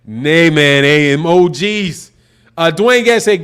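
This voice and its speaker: Laid-back high-voiced Chicago man. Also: a little slow, a bit bright, clear, resonant tone. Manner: laid-back slangy talk, reading out chat messages. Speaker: livestream host. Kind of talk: casual livestream chat and fight commentary.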